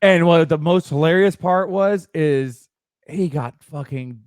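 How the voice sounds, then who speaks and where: A man's voice: on the high side, measured pace, darkish tone, smooth, no room sound, clean studio sound. A man co-hosting a podcast, rambling and joking in casual chat. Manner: rambling, joking, restarts often.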